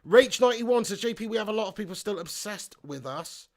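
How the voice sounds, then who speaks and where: A man hosting a live football watch-along, reading out chat comments and shouting at the big chances. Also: sits high, lively intonation, brisk.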